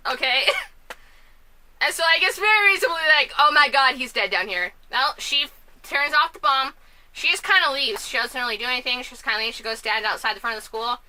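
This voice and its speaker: A woman chatting at home in a casual vlog review, scatterbrained and talkative with sudden loud bursts of outrage. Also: sits high, fast talker. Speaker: film and musical reviewer. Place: at home, family asleep next door.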